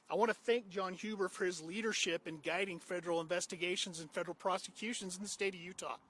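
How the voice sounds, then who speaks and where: A man's voice: high-pitched, sharp tone. A man serving as deputy police chief, giving an earnest, formal press conference statement.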